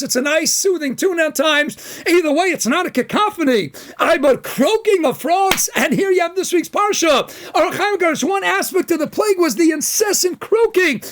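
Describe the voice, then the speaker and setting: A man, a rabbi from the United States, giving a Torah lecture in an animated way, firing off rhetorical questions. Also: extremely high pitch.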